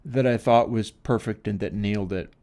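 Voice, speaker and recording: A man hosting a casual livestream, musing out loud and joking at himself while he mixes audio. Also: on the low side, moderate pace. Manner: musing, self-deprecating, chuckling asides. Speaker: stream host.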